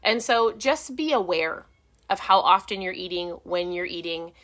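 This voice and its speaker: A woman's voice: lowish voice, animated, normal speed, a bit bright. A middle-aged woman hosting a casual live stream from her home, giving chatty, encouraging diet tips and often restarting her sentences. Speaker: host of a keto diet channel.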